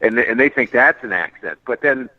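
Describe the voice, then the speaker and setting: A man hosting a casual talk show, animated and laughing as he tells a story. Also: medium pitch, moderate pace, lo-fi sound. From mid-Atlantic US. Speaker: host. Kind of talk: casual chat.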